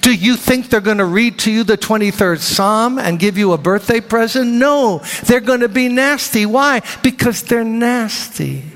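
Animated preacher in a big echoing hall. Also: male voice, very high voice, moderate pace, hardly any pauses. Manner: animated, acts out voices of biblical figures. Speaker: pastor. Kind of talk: sermon. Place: large church hall. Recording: reverberant church hall.

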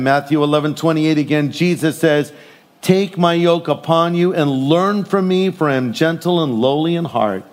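A middle-aged man preaching a sermon in an animated way, acting out voices as he tells stories and jokes. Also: medium pitch. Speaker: pastor.

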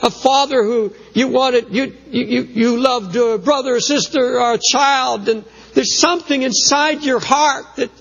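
A man's voice: very high voice, unhurried, creaky, few pauses, fairly bright tone. A man preaching a sermon as pastor, speaking earnestly with frequent restarts. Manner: earnest preaching with repeated restarts, quoting letters. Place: large church auditorium. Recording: dull, long-reverb church hall recording.

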